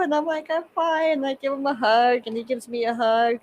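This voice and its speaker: Woman with a slightly high voice, an animated podcast storyteller who voices each quoted line. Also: a little fast, a little hiss or hum, poor audio. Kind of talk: casual podcast chat.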